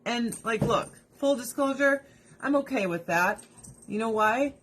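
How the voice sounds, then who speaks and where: A woman's voice: fairly high pitch, expressive, a little slow, a bit bright, slight background noise. A woman hosting a casual livestream from home, ranting bluntly with plenty of profanity. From United States. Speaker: livestream host. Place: at home with pets.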